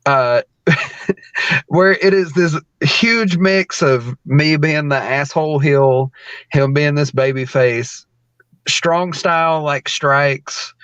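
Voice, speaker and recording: A man's voice: fairly high pitch, slow pace, fairly bright tone, smooth, no room sound. Male wrestler guest, loose rambly storyteller who laughs a lot; dull dry lo-fi sound. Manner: laughs often, rambling with many fillers. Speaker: professional wrestler, podcast guest. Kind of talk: casual storytelling.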